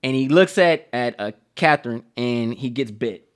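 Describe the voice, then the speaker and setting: A man hosting a casual movie review chat, telling scenes in an animated way with heavy slang. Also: mid-range voice, moderate pace, clean tone. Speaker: channel host.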